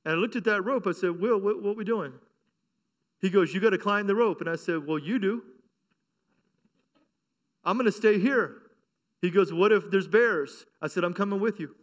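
A man's voice: high voice, moderate pace, long pauses. A middle-aged male pastor preaching a sermon, moving from a laughing personal story to fervent, rising exhortation.

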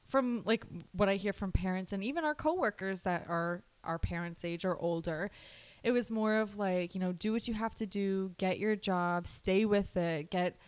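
A woman's voice: mid-range voice, moderate pace, smooth. A woman in her twenties, co-hosting a casual podcast chat, talking in a chatty way with swearing and laughs. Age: 20s. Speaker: podcast co-host.

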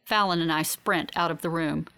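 A woman narrating a first-person audiobook in a measured, even way. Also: low voice, clear, resonant tone.

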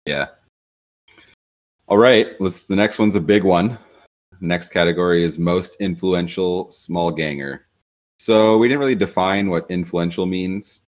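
A man's voice: low voice, unhurried. A man hosting a casual podcast chat, rambling loosely with lots of fillers. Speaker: podcast host.

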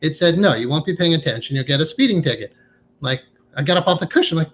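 A man's voice: fairly high pitch, lively intonation, quick pace. A man being interviewed as a hypnotherapist, talking in an earnest, reflective way and often tagging his points with a questioning "right?". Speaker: guest, hypnotherapist. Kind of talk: conversational interview.

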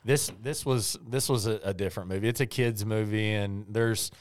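A man hosting a casual faith podcast, talking in halting bursts with repeated words and easy laughs. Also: fairly low pitch, fairly even intonation, dry recording, studio quality. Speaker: podcast host.

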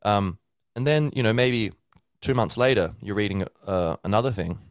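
This man hosts a podcast and explains things in a loose, rambling way, full of fillers and restarts, voicing what a learner might be thinking. His voice is on the low side and his pace moderate. The clean studio sound carries no echo.

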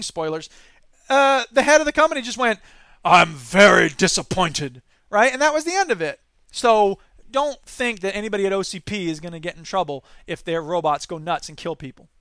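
Sarcastic guy reading news and ranting, high bright voice, dry sound. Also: dry recording. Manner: sarcastic, rants and reads news aloud. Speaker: podcast host. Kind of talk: satirical news commentary.

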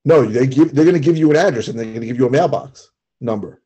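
A man with a husky, mellow voice who talks fast. He co-hosts a casual podcast and makes blunt, dismissive points. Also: medium pitch. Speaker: podcast co-host.

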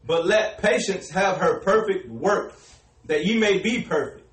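A man's voice: high voice, fairly bright tone. Man reading scripture from far away. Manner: slow, measured reading. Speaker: scripture reader. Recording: distant and echoey.

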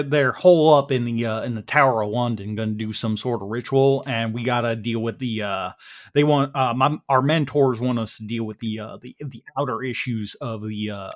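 A folksy Texan muscleman drawls and stumbles through his words, as a man puts him on during a tabletop game. His delivery is slow and friendly, full of "uh"s, and sits at an ordinary pitch for a man. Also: close to an everyday voice. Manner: drawling, hesitant, full of filler. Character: brawny folksy Texan male mage.

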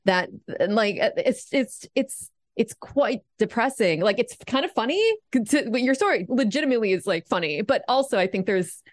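Measured reflective woman, dry sound. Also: on the high side, lively intonation, no echo. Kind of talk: casual reflective chat.

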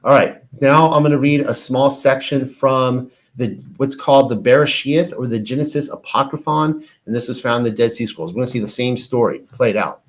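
A man's voice: mid-range voice, moderate pace, few pauses. Man reading scripture, explaining casually. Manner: reads passages aloud then explains with asides and fillers. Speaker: bible teacher. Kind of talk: reading and commenting on ancient texts.

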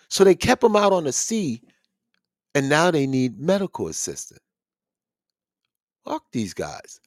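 Male podcast host, loose profane ranter, very lively delivery, dead-dry room. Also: high voice, moderate pace, dry recording. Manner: animated, swearing, ranting. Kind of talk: casual profane commentary.

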